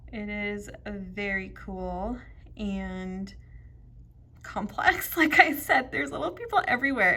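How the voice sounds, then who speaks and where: A woman reviewing jewelry beads shows them off in a casual show-and-tell vlog, chatty and gushing, often dropping to a whisper. Her medium-pitched voice has a sharp tone, with slight background noise.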